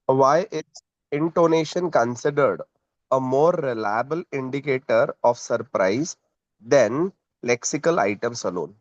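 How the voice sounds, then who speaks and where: A man's voice: mid-range voice, expressive, a little slow, no echo. A man, an audience member asking questions at an online conference, very polite and formal, with repeated thanks. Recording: dull, dry lo-fi call audio.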